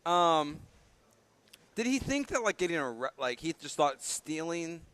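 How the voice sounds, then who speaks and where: A man's voice: fairly high pitch, big pitch swings, unhurried, a bit bright, clean tone, dry recording. Rambling male sports radio co-host. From Chicago. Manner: rambling, many fillers, playful. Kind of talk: casual sports radio banter.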